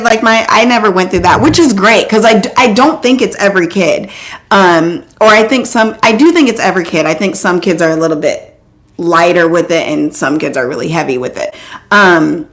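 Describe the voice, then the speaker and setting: A woman in her forties hosts a casual live stream, answering viewers' comments one at a time. She talks in a loose, rambling way, full of "like" and "um". She's animated, and her pitch jumps up whenever something excites her.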